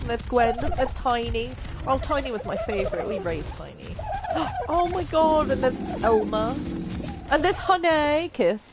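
Excitable high-pitched woman gamer. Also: unhurried, heavy background noise. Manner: excitable, gushing over pets, gasps and squeals. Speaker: gaming channel host. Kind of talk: casual gameplay chat.

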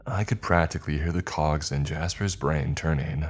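A man narrates a horror story in a measured, ominous tone, his voice sitting extremely low. Faint background music plays underneath the reading. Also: fairly even intonation, husky.

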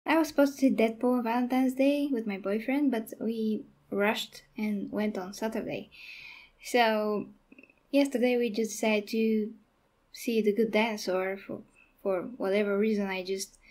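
A young woman casually talking through a movie review on her channel, halting and restarting her sentences as she goes. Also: mid-range voice, fairly even intonation, darkish tone. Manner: halting, with frequent restarts and fillers.

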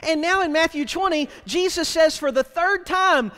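A man's voice: very high-pitched, normal speed, few pauses, sharp tone, in a large hall. A man preaching a sermon as pastor, plainspoken and wry, speaking to the congregation in a conversational way and asking them rhetorical questions. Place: church sanctuary.

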